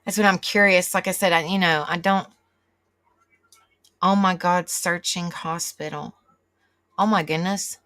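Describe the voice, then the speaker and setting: A woman's voice: lowish voice, fairly even intonation, measured pace, pauses often, fairly bright tone. A middle-aged woman, hosting a live stream and chatting casually with viewers, rambling and reacting aloud as she reads the chat. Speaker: livestream host.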